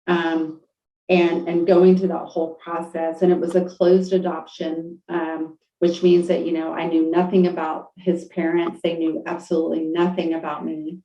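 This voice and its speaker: A middle-aged woman telling a deeply emotional personal story on a podcast, halting, with many fillers and restarts. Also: flat delivery. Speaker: podcast guest. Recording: roomy, distant, dull lo-fi audio.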